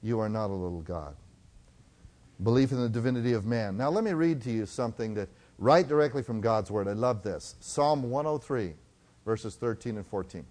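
A male preacher giving a sermon, swinging between loud exhortation and hushed tones and slowing down to read scripture. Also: medium pitch, expressive.

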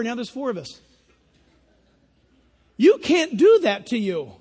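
A man preaching a sermon, lively and animated, acting out little voices and laughing at his own jokes. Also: very high-pitched, takes it slowly, pauses often, husky. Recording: long hall reverb.

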